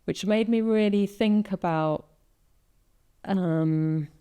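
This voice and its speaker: A woman's voice: medium pitch, slow, dark tone, clear, resonant tone. A woman hosting a podcast, telling a personal story in casual conversation and acting out her own thoughts as she goes. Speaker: podcast host.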